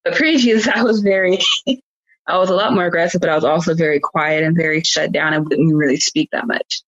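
A woman's voice: fairly low pitch, steady tone, fairly quick, no room sound, highs cut off. A woman talking earnestly and from the heart as a guest in a casual conversation. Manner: earnest, heartfelt, laughs easily. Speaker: guest, praise dancer.

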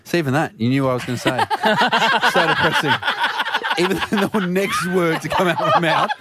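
A man's voice: high voice, huge pitch swings, moderate pace, creaky, heavy background noise. A male radio co-host in casual on-air banter, joking and laughing through his lines.

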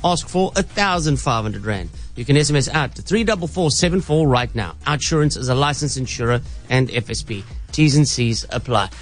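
Playful South African radio host. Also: male voice, mid-range voice, animated, brisk, hardly any pauses. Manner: playful, jokey. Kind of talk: morning radio banter. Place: radio studio.

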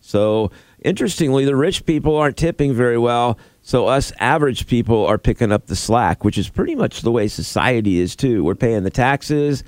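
A man's voice: medium pitch, expressive, normal speed, a little mellow, no room sound. A middle-aged man co-hosting a morning radio show, dry and matter-of-fact. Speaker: radio co-host.

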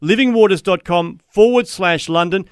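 A man's voice: sits high, normal speed, clean tone, no room sound. Australian male radio host, dry studio sound. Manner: affirming, wraps up with promo. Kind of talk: radio interview.

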